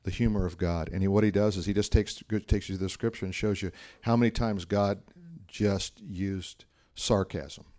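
A man's voice: deep voice, steady tone, normal speed, hardly any pauses, mellow. A man, a pastor, giving a sermon in a conversational, humorous style full of anecdotes.

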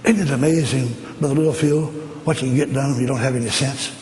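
A man from Tennessee, telling a testimony in a sermon and acting out the dialogue with lively jumps in pitch. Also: fast talker. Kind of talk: sermon storytelling. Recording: echoey hall with long reverb, faint noise.

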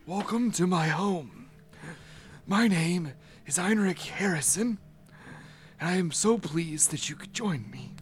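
A man's voice: sits high, lively intonation, takes it slowly, pauses often. A man voicing a frail, ill older male host who speaks weakly and courteously. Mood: welcoming.

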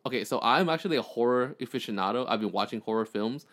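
A man's voice: mid-range voice, lively intonation, fast, a bit bright. Rambling, joking young man. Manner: rambling, joking, full of fillers. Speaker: podcast guest. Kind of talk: casual chat.

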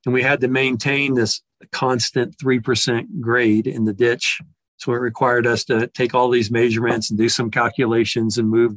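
A man's voice: mid-range voice, fairly bright tone, no room sound. Reflective man telling a personal story. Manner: reflective, with frequent restarts and repeated words.

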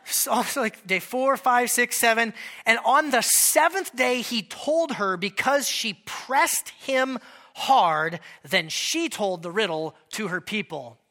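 A man's voice: extremely high pitch, slow pace. A male pastor preaching a sermon in a conversational, joking way, acting out quoted lines with a raised voice. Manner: conversational, joking, animated Bible teaching.

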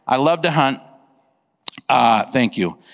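A man preaching a sermon, telling a funny story in an animated, comic way and acting out sound effects. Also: medium pitch, slow, vocal fry, big-room sound. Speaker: pastor. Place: church.

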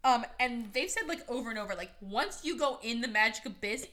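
A young woman hosting a podcast, casually recapping a movie with sarcasm, lots of fillers and quick quoted voices. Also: a little high, animated, sharp tone. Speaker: podcast host.

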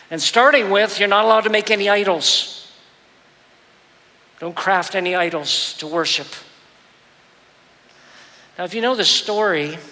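A man's voice: high-pitched, sharp tone, big-room sound. A man preaching a sermon as pastor, telling a story and acting out its quotes with rising intensity. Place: church sanctuary.

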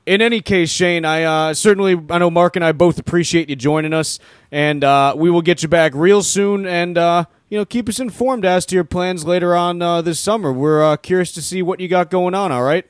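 Casting: upbeat male podcast host, slightly high voice, dry close sound. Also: brisk, clean tone, no echo. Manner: upbeat, wraps up the show. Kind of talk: casual sports podcast chat.

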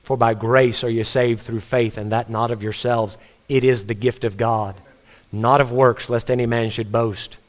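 Casting: male pastor, mid-pitched voice, earnest conversational sermon delivery, storytelling. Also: steady tone, normal speed.

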